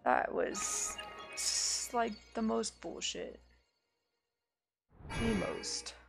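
A woman with a slightly high, sing-song, gravelly voice draws out her words while streaming a game as a let's play gamer. She swears a lot and rants in frustration about the game in casual commentary. Loud game music plays underneath.

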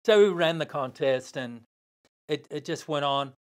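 Animated older Australian man telling stories. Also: fairly high pitch, a little slow. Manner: animated, swearing, acts out other voices. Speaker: guest. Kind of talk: storytelling in a podcast interview.

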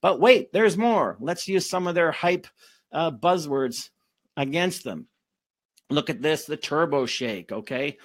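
A man's voice: a little high, measured pace, fairly bright tone, no room sound. A man coaching in a live webinar, reading out food labels with sarcastic, exasperated commentary and calling his viewers folks. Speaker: fitness coach hosting a webinar.

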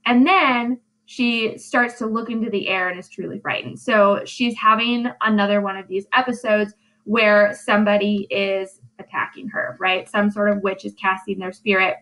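A woman's voice: mid-range voice, fairly even intonation, moderate pace, a bit bright, low-quality recording. A woman English teacher giving a casual, chatty recorded lesson recap, often checking in with "right?".

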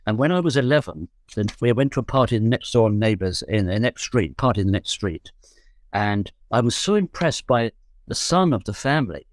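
In his seventies and from London, this guest musician recalls his early years in a relaxed, meandering style, joking and revising his own words. He talks briskly in a lowish voice with big swings in pitch, and the studio sound is clean with no room tone.

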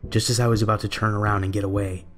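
A young adult man reading a scripted horror story in a measured, steady way. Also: on the low side. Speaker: narrator.

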